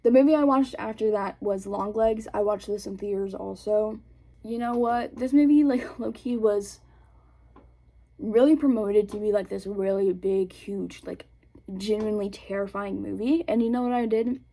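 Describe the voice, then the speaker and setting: A woman's voice: mid-range voice, moderate pace, gravelly, warm tone. A young woman vlogger chatting casually about films, rambling with lots of fillers and giggles. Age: young adult. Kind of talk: casual chat.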